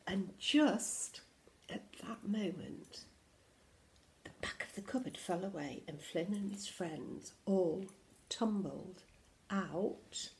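A woman's voice: mid-range voice, slow, a little hiss or hum. A teacher reading a picture book aloud to young children. She reads expressively, drops to a whisper for suspense and stops to point out the pictures. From England.

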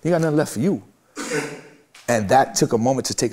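A man's voice: mid-range voice, a little fast, a little mellow. A middle-aged man, giving a candid interview in an emphatic, repetitive, motivational way. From Brooklyn, New York. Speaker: guest, music manager.

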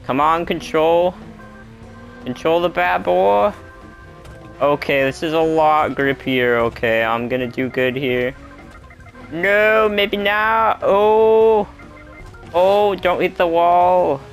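A gaming channel host giving live gameplay commentary, talking to themself and the game and exclaiming loudly at every crash. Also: mid-range voice, slow pace, long pauses, soft background music. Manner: excitable, yelps and exclaims at crashes; talks to self and to the game.

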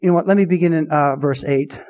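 A man with a high voice preaches a sermon as a pastor. He presses his points hard and keeps putting questions to his listeners. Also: fast talker, a little mellow, muffled recording. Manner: emphatic preaching with rhetorical questions.

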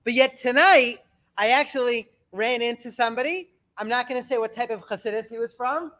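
Energetic male rabbi lecturer, animated, repeats for emphasis. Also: very high voice, brisk. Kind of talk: lecture with slides.

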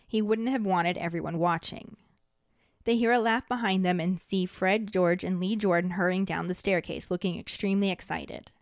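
A woman podcast host narrating a scripted chapter recap in a steady, even storytelling manner. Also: mid-range voice, dry recording, studio quality.

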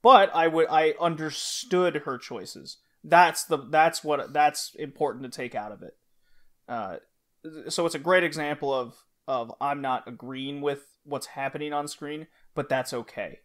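A man's voice: fairly high pitch, measured pace. A man co-hosting an anime podcast, retelling scenes casually and acting out the characters' lines with energy. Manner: animated storyteller who acts out the characters' lines. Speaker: podcast co-host. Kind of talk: casual chat.

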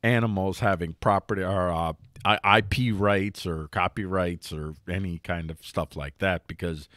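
A man hosting a casual headline commentary show, wry and joking, with pitch jumping up for emphasis. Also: steady tone, normal speed, a bit bright, dry recording, studio quality. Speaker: news commentary host.

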